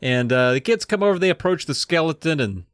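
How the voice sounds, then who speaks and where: A man's voice: a little high, lively intonation, a little fast, smooth, no echo. Guy co-hosting a podcast, swears a lot, wry offhand book recap, dry close mic. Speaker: podcast co-host. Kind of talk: casual comedic book recap.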